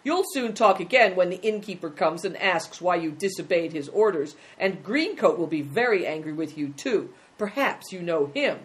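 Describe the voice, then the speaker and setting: A woman's voice: fairly low pitch, animated, moderate pace, few pauses, close to an everyday voice. A woman voicing a bold, practical young boy who speaks bluntly in a storybook reading. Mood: threatening. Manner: blunt and decisive.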